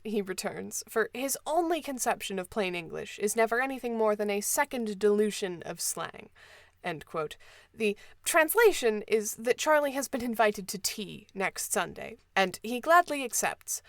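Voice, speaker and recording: A woman's voice: mid-range voice, expressive, moderate pace, no echo, clean studio sound. A woman hosting a book podcast, summarizing a novel with wry, sarcastic asides. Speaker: podcast host.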